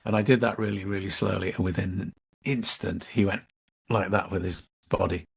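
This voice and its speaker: A middle-aged man, a leadership coach and interview guest, telling a workshop story in a measured way and acting out the dialogue. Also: deep voice, fairly even intonation, vocal fry, slightly rough.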